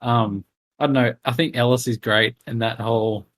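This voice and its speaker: A man's voice: mid-range voice, steady tone, moderate pace, a bit bright. A man co-hosting a casual film podcast, talking hesitantly and often trailing off with "I don't know". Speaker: podcast co-host.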